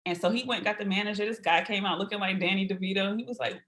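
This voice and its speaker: At a racing pace and a medium pitch, a woman on a podcast spins casual anecdotes full of energy. She voices the different people in her stories as she goes.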